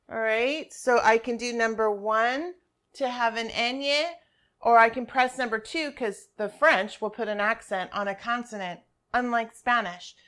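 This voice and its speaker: A woman's voice: a little high, sharp tone. A woman teacher giving patient, step-by-step class instructions over a screen share, repeating key points.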